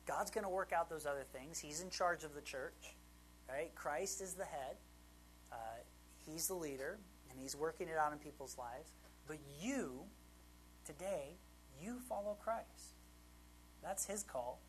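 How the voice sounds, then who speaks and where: A man's voice: on the high side, measured pace, a little hiss or hum, rough recording. A man preaching a sermon in an informal, conversational way, often checking in with his listeners. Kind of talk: conversational Bible teaching.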